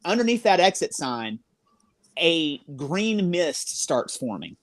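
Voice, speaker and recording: A paranormal investigator tells a ghost story on a podcast, rambling with lots of fillers along the way. The voice sits at a middle pitch. The recording is dry and close. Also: sing-song, slow, dry recording.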